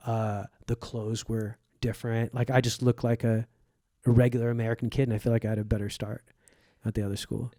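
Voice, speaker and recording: A man's voice: medium pitch, flat delivery, a little fast, dark tone, no room sound. A man from Egypt, a comedian guest, telling vivid stories from his childhood and acting out the people in them. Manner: vivid storyteller, acts out quoted voices. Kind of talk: storytelling in conversation.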